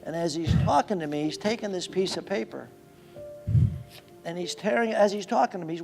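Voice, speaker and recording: A man giving an anecdotal speech at an event, animated and acting out the quotes in his story. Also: sits high, normal speed, creaky, long pauses, soft background music. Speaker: event speaker.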